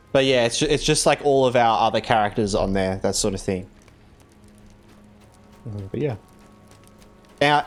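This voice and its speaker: A man streaming a game, chatting casually in a rambling way, full of fillers and restarts. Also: on the low side. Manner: rambling, filler-heavy, self-correcting. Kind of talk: casual live-stream chat while playing.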